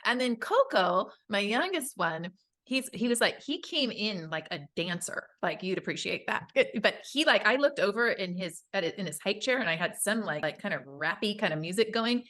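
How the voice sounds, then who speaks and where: A woman in her thirties co-hosting a casual podcast and telling stories about her children, chatty and animated, with quick laughs. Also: mid-range voice. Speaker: podcast co-host. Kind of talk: casual chat.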